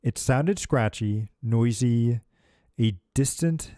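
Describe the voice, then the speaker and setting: A male streamer reads a game's story text aloud in a casual way, breaking off for asides. His voice is dark and mellow. The recording is dry and close. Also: mid-range voice, takes it slowly, no echo. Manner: casual, with filler asides and restarts. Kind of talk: reading game text aloud while playing.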